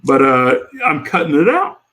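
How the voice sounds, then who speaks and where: A man who is a guest on a podcast, telling stories in a jokey, rambling, animated way. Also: a little high, moderate pace. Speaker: podcast guest, home cook. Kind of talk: casual storytelling chat.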